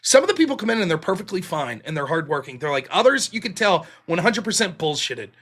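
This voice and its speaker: Male call-in host, high and bright voice, profane rambling storyteller. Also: very animated, fast talker. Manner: profane, rambling storytelling retelling others' words. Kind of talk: casual political call-in talk.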